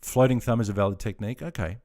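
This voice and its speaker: Fast-talking, with a lowish, darkish voice, this Australian army veteran in his fifties chats on his live stream. He reads viewer comments aloud and laughs readily in a relaxed, casual way.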